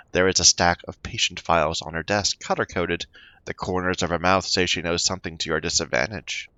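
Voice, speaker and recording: A man with a low voice and sharp tone plays through a story game as a let's play gamer, reading the text aloud, chatting about his choices, and stumbling over unfamiliar words. The recording is lo-fi with no room sound.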